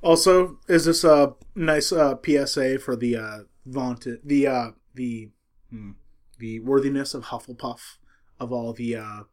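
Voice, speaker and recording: A man's voice: medium pitch, unhurried. A man co-hosting a casual movie podcast, cutting in with dry remarks and hesitant fillers. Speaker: podcast co-host.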